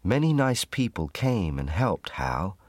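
Deep, slow male storybook narrator. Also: very animated, no room sound. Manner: measured, clear reading for learners.

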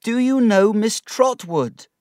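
A man's voice: high voice, lively intonation, takes it slowly, a little mellow, dry recording, clean studio sound, pitched above the performer's own voice. A man voicing a poor, dirty runaway boy who pleads tearfully, in a read-aloud storybook. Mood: desperate.

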